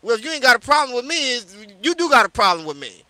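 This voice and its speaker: A man's voice: very high voice, sing-song, fast talker, pushed and bright, no echo. A man from St. Louis, a street preacher on a livestream, confrontationally scolding a listener and repeating "yo" and "you know what I'm saying.". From St. Louis, USA. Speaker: street preacher hosting a live discussion. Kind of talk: heated livestream rant.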